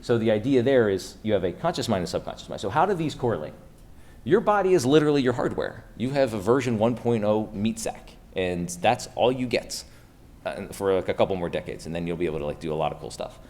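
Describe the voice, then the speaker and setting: A man's voice: on the low side, lively intonation, fast talker, a little mellow. A man from Pennsylvania giving a casual, upbeat conference keynote to a live audience in a room, throwing rhetorical questions at the crowd. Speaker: keynote speaker.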